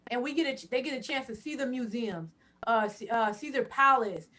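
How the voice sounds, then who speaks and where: A woman in her thirties, a podcast guest, telling stories in a loud, animated way with quick laughing asides. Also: on the high side. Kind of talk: animated storytelling.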